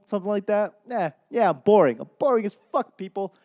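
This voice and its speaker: A man's voice: sits high, animated, brisk, hardly any pauses, dark tone. A young man from Boston, a stand-up comedian hosting his solo podcast, rambling casually, swearing often and losing his train of thought. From Boston, USA.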